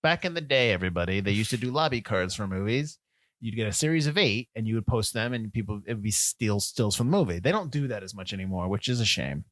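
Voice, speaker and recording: Man, podcast co-host, casual film chat, animated, dry close sound. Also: on the low side, no echo. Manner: animated, acts out movie lines in quick impressions.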